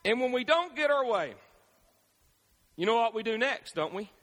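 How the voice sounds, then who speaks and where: High-voiced pastor preaching in an echoey church. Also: male voice, normal speed. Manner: animated, call-and-response preaching. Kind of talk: sermon. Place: church sanctuary.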